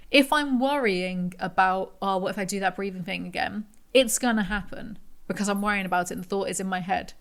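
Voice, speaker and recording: A young woman talking straight into her own podcast, loose and candid. Her voice sits mid-height for a woman. She rattles through quick asides, then slows down hard on the words she wants to land. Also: medium pitch, a bit bright. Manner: rambling and candid, heavy use of "like" fillers; swings between quick asides and slow emphatic phrases. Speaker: podcast host. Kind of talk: casual solo podcast storytelling.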